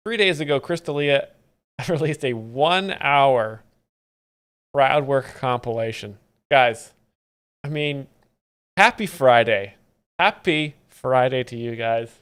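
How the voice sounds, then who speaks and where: A man hosting a live stream, explaining comedy clips in a mock-pedantic, deadpan way. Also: fairly high pitch, smooth. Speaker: comedy commentator host.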